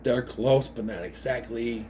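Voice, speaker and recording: A man's voice: mid-range voice, a little slow, background noise. A man giving a casual, rambling recap of a movie, wandering off on tangents and briefly mimicking the characters. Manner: mimics characters' voices mid-story. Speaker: movie reviewer.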